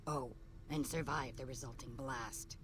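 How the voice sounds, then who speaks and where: A curt female quest giver in a video game, laying out a dangerous job with no wasted words. Her voice sits extremely low for a woman. The game audio carries a steady layer of noise behind it. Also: measured pace. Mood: businesslike. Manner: curt, businesslike. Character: brisk female vault survivor giving orders. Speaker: game character giving a quest. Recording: game audio under a stream, noisy.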